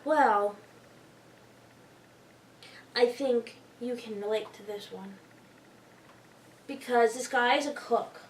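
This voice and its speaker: A woman in a comedy sketch, talking in a naive, excitable, rambling way, recorded in a roomy space from a distance from the mic. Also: on the high side, slow pace, long pauses, a little hiss or hum.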